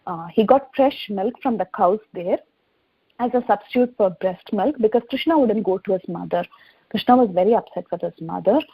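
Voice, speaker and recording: A woman telling a devotional story in a gentle, unhurried way, with frequent fillers. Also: medium pitch, husky, no room sound. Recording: dull dry recording.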